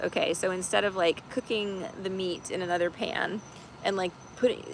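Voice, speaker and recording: A woman's voice: fairly low pitch, gravelly, fairly bright tone, slight background noise, low-quality recording. A woman chatting casually on a livestream as a tarot reader host, rambling with many fillers and laughing easily. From United States.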